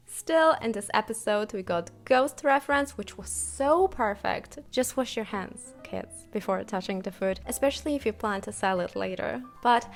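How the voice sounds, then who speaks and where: A woman's voice: medium pitch, moderate pace, few pauses, faint music behind. A woman vlogger recapping a TV episode in scripted commentary, with a playful, wry and sarcastic manner.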